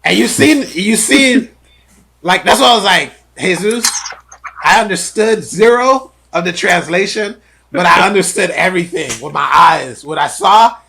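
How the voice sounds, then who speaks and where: A man's voice: sits high, moderate pace, vocal fry, pushed and bright, slight background noise. A man hosting a podcast, telling stories animatedly in casual chat with lots of filler words. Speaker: podcast host.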